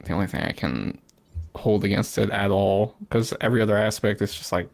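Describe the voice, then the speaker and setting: A man's voice: fairly low pitch, fairly quick, creaky. A man hosting a podcast, chatting casually in a rambling way, laughing often and swearing freely. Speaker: podcast host. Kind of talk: casual chat.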